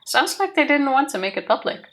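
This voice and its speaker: A woman's voice: high voice, very animated, a little fast, fairly bright tone, voice pushed up. A woman voicing a cheeky, confident fifteen-year-old girl while reading a visual novel aloud, playful and bossy. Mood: teasing.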